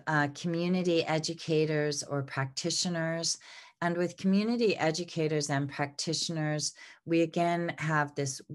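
A middle-aged woman teaching an aromatherapy lesson over slides, a little congested, talking off the cuff with many ums and restarts. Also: low voice. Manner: unscripted, many fillers and restarts.

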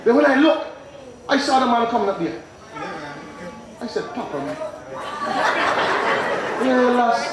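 A high-pitched man preaches to a responding congregation, swinging from storytelling to fervent shouts. His voice booms through a very echoey hall, with a crowd audible behind him. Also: sing-song, measured pace, pauses often, heavy background noise. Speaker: pastor. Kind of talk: evangelistic sermon with call and response. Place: church or tent with congregation.

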